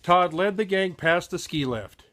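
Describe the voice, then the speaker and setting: A man's voice: high-pitched, measured pace, fairly bright tone. A man reading a children's picture book aloud with frequent slips and self-corrections.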